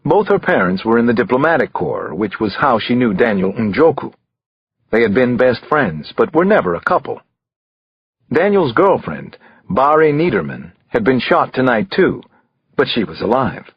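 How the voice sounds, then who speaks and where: A male narrator reads a thriller with an expressive delivery, and his pitch rises and falls a lot. His voice has a husky grain. The recording is dry, close and a little dull. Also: normal speed, no echo. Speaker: audiobook narrator.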